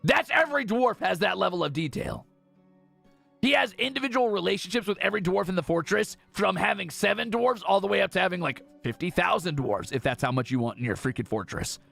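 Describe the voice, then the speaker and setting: A man streaming a game in casual commentary, reading game text aloud with excited asides. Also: high-pitched, brisk, gravelly, faint music behind.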